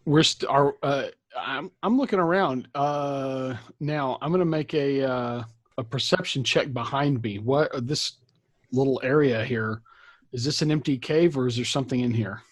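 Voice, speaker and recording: A man's voice: medium pitch, moderate pace, no echo. A man playing a tabletop game, cheerful and talking through his moves. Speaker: player.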